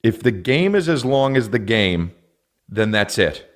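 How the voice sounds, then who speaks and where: Animated, profane man ranting. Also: lowish voice, unhurried. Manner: profane, animated, acts out silly voices. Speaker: podcast host. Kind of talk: comedic rant.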